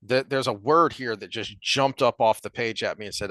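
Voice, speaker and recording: Bright, crisp-sounding man discussing a book. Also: mid-range voice, dry recording. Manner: halting, reads passages aloud, many restarts. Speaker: podcast co-host.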